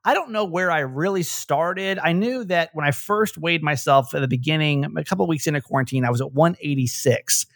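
A man hosting a casual podcast chat, quick and self-mocking, laughing often. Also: fairly high pitch, a bit bright, no room sound, clean studio sound. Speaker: podcast host.

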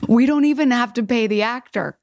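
A woman's voice: a little high, a little fast, gravelly, a little mellow. A woman co-hosting a podcast, bubbly and enthusiastic, gushing in a casual chat. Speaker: podcast co-host.

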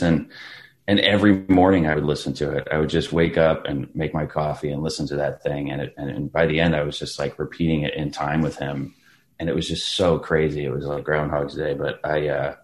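A man, an actor guest, chatting casually in an interview, telling stories with lots of restarts and laughter. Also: very deep voice. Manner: animated storyteller, acts out quotes, laughs often, many restarts.

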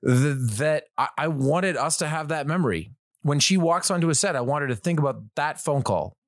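Animated male actor guest, dry sound. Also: fairly high pitch, brisk, no echo. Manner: animated storyteller, frequent restarts, swears. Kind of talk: casual podcast chat.

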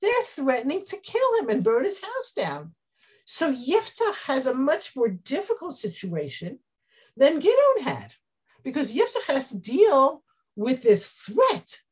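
A woman teaching a Bible class, explaining the text with Hebrew terms and acting out the quoted speech with lively energy. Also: high-pitched, a little slow. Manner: animated, acts out quoted speech.

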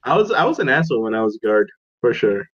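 A man's voice: mid-range voice, fast talker, husky, highs cut off. A young man casually telling a story as a podcast co-host, acting out the people he quotes in a raised voice. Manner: animated, acts out quotes in a raised voice.

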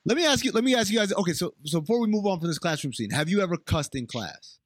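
A man's voice: high voice, fast talker, dry recording. A man co-hosting a podcast, asking questions and joking in a casual chat. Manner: lively, questioning, laughs a lot. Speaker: podcast co-host.

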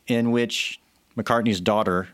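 A man's voice: on the low side, steady tone, slow, fairly bright tone, dry recording, studio quality. A man cohosting a podcast, chatting casually and giving strong opinions with many restarts, into a microphone. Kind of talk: casual chat. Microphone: studio microphone.

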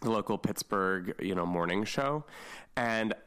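A young man co-hosting a casual podcast with a bright, crisp voice that sits a little low. He is playful and bawdy and laughs often between his lines. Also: unhurried. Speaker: podcast co-host. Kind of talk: casual chat.

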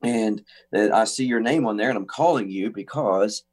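A man voicing a deep-voiced male preacher on the phone, speaking slowly with halting pauses. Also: darkish tone, slightly rough. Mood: calm, inquiring.

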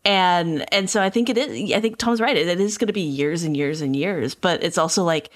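Emphatic woman with a lowish voice. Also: fairly quick. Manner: emphatic, playful. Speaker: tech editor, podcast guest. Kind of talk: casual panel chat.

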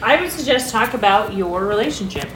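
A woman's voice: mid-range voice, expressive, a little fast. A woman co-hosting a podcast in casual chat, agreeable and supportive. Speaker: podcast co-host. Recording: echoey room with noise.

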